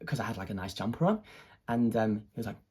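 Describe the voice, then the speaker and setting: An artist tells a personal tale in a raspy, breathy voice. The delivery is hesitant, peppered with "um" and false starts, yet animated. The pitch sits in an ordinary middle range. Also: quick pace. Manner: hesitant, many restarts and fillers; excited, animated retelling. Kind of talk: personal storytelling to camera.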